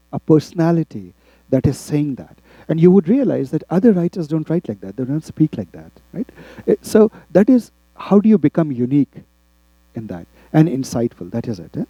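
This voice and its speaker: A man from India lectures a class, his voice moving up and down a lot and sounding dark and mellow. The recording is dry and muffled, with a low mains hum under it. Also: no echo. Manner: rhetorical tag questions, addresses the class. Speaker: instructor.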